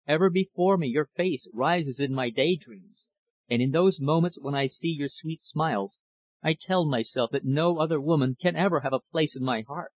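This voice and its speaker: A man voicing an ardent young gentleman in a storybook reading, earnest and impassioned. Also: on the high side, normal speed, natural voice. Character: ardent young gentleman declaring his love.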